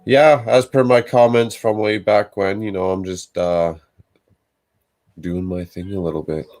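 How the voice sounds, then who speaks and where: Laid-back deep-voiced male streamer. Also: fairly even intonation, a little slow, darkish tone, faint music behind. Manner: laid-back, reads viewer chat aloud. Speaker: livestream host. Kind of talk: casual livestream chat.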